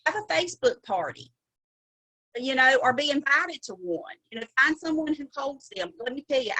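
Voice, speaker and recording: Bright, chatty Southern woman. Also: sits high, poor audio. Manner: chatty, folksy, laughs often. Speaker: sales director. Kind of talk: training talk on a conference call. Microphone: video call.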